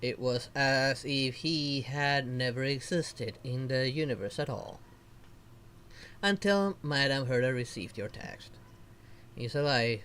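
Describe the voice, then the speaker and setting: A male VTuber streamer reading game dialogue aloud slowly, with casual commentary, laughs and mild swearing. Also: mid-range voice, fairly bright tone, a little hiss or hum. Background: faint game music.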